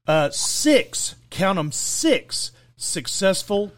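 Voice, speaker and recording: Male podcast co-host, slightly high voice, dry close sound, casual and jokey. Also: big pitch swings, drawn-out words, dry recording. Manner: joking, laughs often, lists topics. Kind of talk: casual chat.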